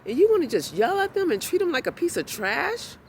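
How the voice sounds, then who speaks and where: A woman doing an articulate young woman, indignant and incredulous, with a voice that rises high and swings sharply. Her words are crisp and well-spoken. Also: big pitch swings, a little fast, a little hiss or hum.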